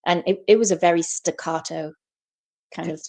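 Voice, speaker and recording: A woman from Liverpool with a softened Scouse accent, co-hosting a podcast and telling stories in casual chat. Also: on the low side, moderate pace. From Liverpool, England. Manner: animated storyteller. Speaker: podcast co-host.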